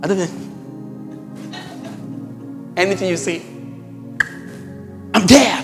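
A man preaching a sermon as pastor, animated and rising at times to shouts. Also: high-pitched, slow, pauses often, big-room sound, soft background music.

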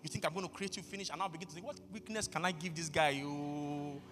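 A pastor preaching a sermon, bursting into shouts and acting out conversations with God. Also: male voice, a little high, fairly even intonation, fast, in a large hall. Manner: acts out dialogues with God.

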